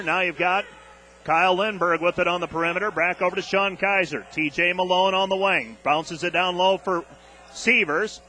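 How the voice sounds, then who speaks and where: High, bright-voiced male radio play-by-play caller. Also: slight background noise. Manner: rapid play calls that surge loud on big plays, openly exasperated at the refereeing. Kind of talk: basketball play-by-play commentary.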